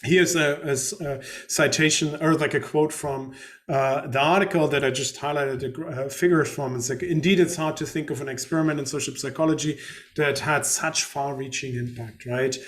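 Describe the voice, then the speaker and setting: Guy lecturing online, rambly and casual, voice a bit on the high side. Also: fairly even intonation, moderate pace. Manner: loose and chatty, many fillers and self-corrections. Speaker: university lecturer.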